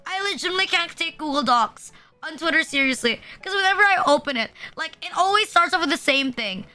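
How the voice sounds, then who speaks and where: A woman streamer with a very high-pitched, sharp, animated voice rants casually to her chat at a quick pace. She's exasperated, swears freely, and crams "like" into every sentence, with faint music playing behind her.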